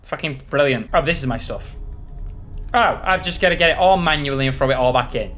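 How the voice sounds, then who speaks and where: A man's voice: fairly high pitch, brisk, fairly bright tone. A man giving panicky, profanity-filled commentary while playing a horror game. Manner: jumpy, swears a lot, panicky reactions. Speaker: gaming channel host.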